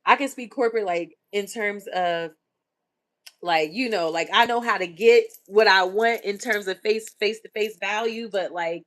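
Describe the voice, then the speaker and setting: A woman's voice: medium pitch, normal speed, a bit bright. Chatty, emotional middle-aged woman host. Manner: chatty, emotional, reads out chat comments. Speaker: livestream host. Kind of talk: casual livestream chat.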